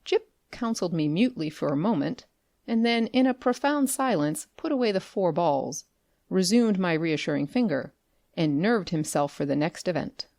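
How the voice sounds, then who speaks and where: A woman reads a classic tale aloud in an expressive, animated storytelling voice. Her voice sits on the low side, and the recording is close and dry. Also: moderate pace, dry recording. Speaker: audiobook narrator. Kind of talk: scripted narration.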